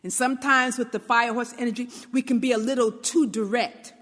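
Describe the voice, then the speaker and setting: A woman's voice: fairly high pitch, steady tone, brisk, fairly bright tone, in a large hall. A woman from Brooklyn, giving an informal motivational talk and often checking in with "right?". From New York, Brooklyn. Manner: conversational, often asks "right?", acts out little quotes.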